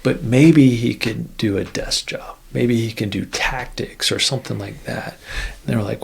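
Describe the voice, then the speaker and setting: A man's voice: medium pitch, steady tone, normal speed, vocal fry, a little mellow, slight background noise. A man, a former Air Force officer, tells a story in a casual interview, rambling with many restarts. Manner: rambling, full of "you know" and restarts.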